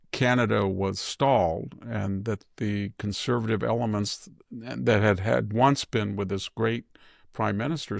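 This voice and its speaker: An older man from California giving measured, digressive political commentary in conversation. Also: on the low side, creaky, dry recording, clean studio sound. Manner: measured, digressive, thinks aloud. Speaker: host and commentator.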